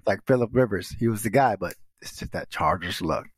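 Animated slangy man, dry sound. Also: on the low side, brisk, husky, dry recording. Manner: animated, slangy, swears casually. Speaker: podcast co-host. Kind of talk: casual sports chat.

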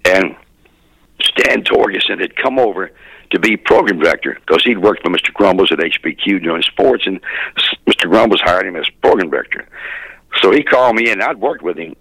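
An older man, a former radio DJ telling folksy stories in an interview, often clearing his throat. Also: sits low, animated, fairly quick, a bit bright, no room sound, rough recording. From Memphis, USA. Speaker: guest, radio DJ. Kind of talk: casual storytelling interview.

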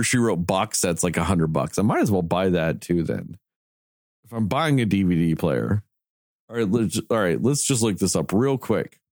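A man in casual chat who rants with a lively, swooping voice and swears a lot. His sound is dry and close, with no room around it. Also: medium pitch, no room sound. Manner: animated ranting, heavy swearing.

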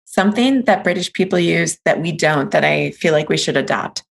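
A woman co-hosting a podcast in a casual, playful chat, quick to laugh. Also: low-pitched, animated, gravelly, breathy edge. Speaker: podcast co-host.

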